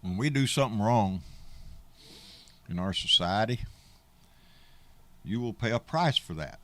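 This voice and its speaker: A middle-aged man talks on a casual livestream in a fairly low voice. He rambles in a folksy way, swears freely and answers his viewers' comments as he goes. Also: lively intonation, measured pace, very noisy. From Texas. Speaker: livestream host.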